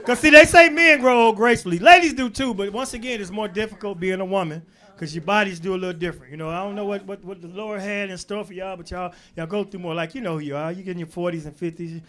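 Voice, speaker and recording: A man performing a stand-up comedy set in a club, working the crowd with loud bursts and low asides. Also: quick pace. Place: comedy club stage before a laughing crowd. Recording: live club recording with crowd laughter. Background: audience laughter.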